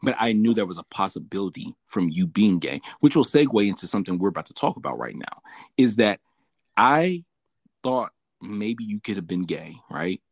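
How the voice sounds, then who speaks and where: A man's voice: on the low side, moderate pace, creaky, dry recording. A man from Southern California hosting a casual chat, telling a story with lots of swearing and laughter. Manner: profane, laughing, animated storyteller. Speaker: podcast host.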